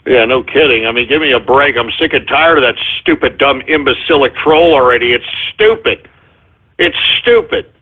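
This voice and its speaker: A man's voice: mid-range voice, lively intonation, normal speed, slightly rough. A man hosting a call-in radio show, ranting angrily and swearing at his callers. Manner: angry ranting, swears a lot. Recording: tinny phone-like broadcast audio.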